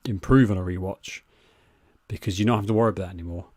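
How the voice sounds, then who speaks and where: A man's voice: lowish voice, quick pace, a little mellow, no room sound. A British man co-hosting a podcast, chatting casually with a dry, teasing wit. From Britain. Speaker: podcast co-host.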